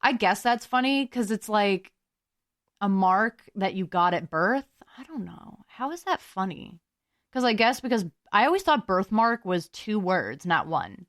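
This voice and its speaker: A woman's voice: medium pitch, expressive, a little slow, fairly bright tone, no echo, studio quality. A young woman hosting a solo podcast, musing aloud in a chatty, giggly way. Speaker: podcast host.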